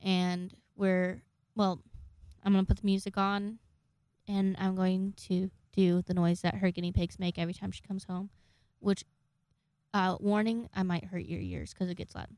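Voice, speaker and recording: A woman's voice: medium pitch, flat delivery, normal speed, a little mellow, no room sound, studio quality. A young woman in her twenties telling rambling, jokey, profane stories to camera in a casual vlog. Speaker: vlogger.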